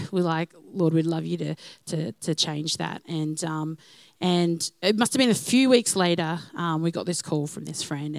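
Woman preacher, casual storyteller, mid pitch, dry close sound. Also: no room sound. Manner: chatty storytelling, many fillers. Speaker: church speaker. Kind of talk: sermon testimony.

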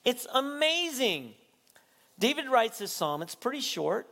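High-voiced animated male preacher. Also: unhurried, gravelly. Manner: animated, rising to near-shouting at peaks, laughing often. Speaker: pastor. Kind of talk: sermon.

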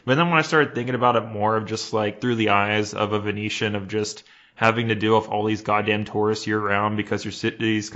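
A man's voice: fairly low pitch, a little fast. A man co-hosting a podcast in casual chat, telling stories with lots of swearing. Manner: profane, animated storytelling with acted-out quotes. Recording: dull lo-fi sound.

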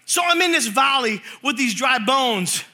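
A man preaching a sermon, reading scripture slowly and telling animated stories with jokes. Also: very high voice. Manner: animated storytelling, jokes and voices; reads scripture slowly and forcefully. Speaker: pastor.

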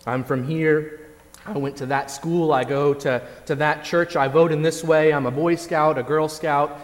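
A man's voice: on the high side, fairly even intonation. Man preaching in a reverberant church. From Indiana, USA. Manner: measured, reflective preaching with occasional "uh" fillers and repeated words. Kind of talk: sermon. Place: church sanctuary. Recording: long reverb of a large church.

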